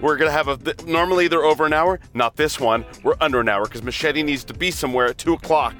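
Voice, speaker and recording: A man hosting a podcast from a car, talking in a rushed, swearing, casual way. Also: a little high, fairly bright tone, faint music behind. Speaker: podcast host.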